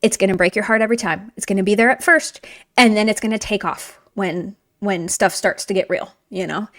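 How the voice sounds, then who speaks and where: A woman teaches a language lesson on video, upbeat, encouraging, and chatty as she writes on a board. Her mid-range voice moves fairly quickly, and the recording is dry with clean studio sound.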